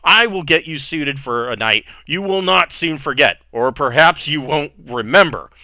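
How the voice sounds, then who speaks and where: A man's voice: a little high, animated, moderate pace, sharp tone, dry recording, voice pushed up, heavily acted. A man voicing a drunk, jovial and decadent male noble host in a tabletop game, talking in a tipsy, flamboyant way. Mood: merry, tipsy.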